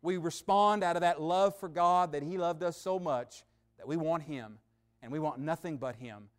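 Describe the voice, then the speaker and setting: A male preacher delivering a sermon, telling a story with dramatic pauses and a voice that swells louder and drops quieter. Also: on the high side.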